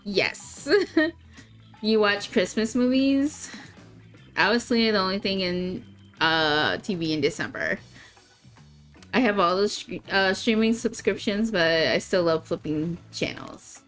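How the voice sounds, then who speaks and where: A woman's voice: medium pitch, lively intonation, takes it slowly, fairly bright tone, soft background music. An actress playing a playful, teasing woman in a video game, telling stories with dry banter.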